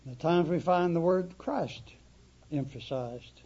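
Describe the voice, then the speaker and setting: A man preaching a sermon, emphatic and deliberate, stressing words through repetition. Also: fairly high pitch, dark tone. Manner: emphatic, slow, dramatic repetition. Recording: dull lo-fi recording.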